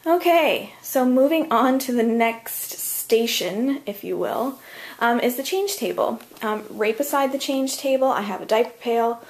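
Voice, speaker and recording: A woman's voice: fairly high pitch, expressive, unhurried. A young woman giving a casual vlog tour of a home nursery, out of breath and chatty, full of ums and likes, trailing off as she moves around. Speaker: vlogger.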